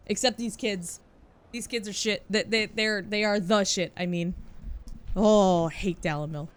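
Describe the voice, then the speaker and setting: A woman streaming a game and commenting casually, profane and playful, with sudden loud outbursts. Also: medium pitch, steady tone, a little slow, clear, resonant tone. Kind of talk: live gameplay commentary. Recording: game music underneath.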